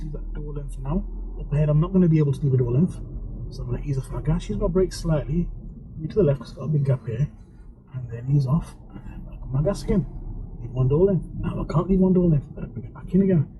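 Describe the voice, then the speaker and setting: A male driving instructor with a mixed English accent tinged with Birmingham, giving relaxed, chatty commentary and explaining each step as he drives. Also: on the high side. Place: inside a moving car. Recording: car engine and road noise.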